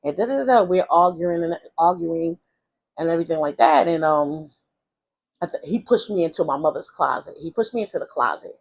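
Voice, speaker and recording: A woman tells a personal story in a casual vlog, rambling through fillers and restarts and jumping into high voices when she quotes people. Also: a little fast, creaky. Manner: animated retelling, acting out quoted voices in a high pitch. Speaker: vlogger telling her life story.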